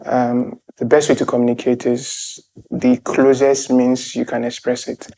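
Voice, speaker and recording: A man with a Nigerian accent giving lively interview answers, often laughing as he talks. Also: medium pitch, unhurried, poor audio. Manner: animated, laughs while talking. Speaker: festival guest.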